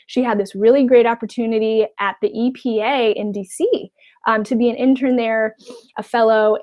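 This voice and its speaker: A woman's voice: on the high side, a little mellow. A woman life coach giving a webinar talk, encouraging, often checking in with "okay?" and acting out the voices of others.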